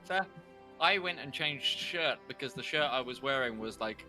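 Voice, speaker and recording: A man's voice: mid-range voice, soft background music. A man hosting a game stream, chatting playfully with his players over a voice call from home. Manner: lively, playful, quick to laugh. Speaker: stream host and game master. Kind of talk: casual chat.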